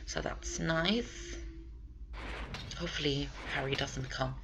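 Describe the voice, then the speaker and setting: A woman's voice: deep voice, takes it slowly, noisy background. A woman giving casual, rambling commentary over a video game walkthrough, thinking aloud as she plays.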